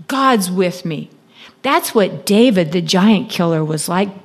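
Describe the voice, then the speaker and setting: A woman's voice: on the low side, expressive, slow pace. A middle-aged woman preaching a sermon, telling stories with humor and acting out the dialogue. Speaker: preacher and Bible teacher.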